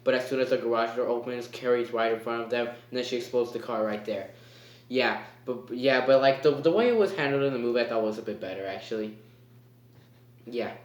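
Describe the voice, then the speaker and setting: A man's voice: medium pitch, fairly quick. A man giving a casual spoken movie review. He rambles and hesitates, with lots of fillers. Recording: echoey room.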